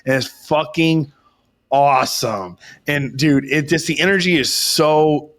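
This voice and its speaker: A hoarse young man co-hosting a podcast, telling a long excited story in rambling, swear-heavy casual chat. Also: fairly high pitch, measured pace. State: hoarse, voice worn from shouting. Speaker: podcast co-host.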